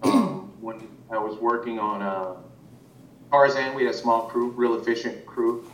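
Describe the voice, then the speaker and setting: A man's voice: fairly even intonation, unhurried, a bit bright, recorded from a distance. A man working as an animation director, talking casually in an interview, rambling with many restarts and fillers. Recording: roomy, muffled sound from off-mic with faint rumble.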